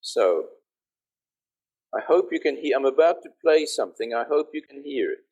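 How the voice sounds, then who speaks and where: A man's voice: mid-range voice, expressive, normal speed, darkish tone, dull audio. An older man, a professor, giving an online conference lecture and explaining step by step while checking that listeners can hear him.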